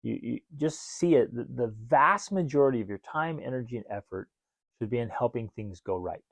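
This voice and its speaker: Middle-aged guy cohosting a chill parenting podcast, animated, super dry close mic. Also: mid-range voice, fairly quick, dry recording. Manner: animated, acts out quoted dialogue. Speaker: podcast co-host. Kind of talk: casual parenting podcast chat.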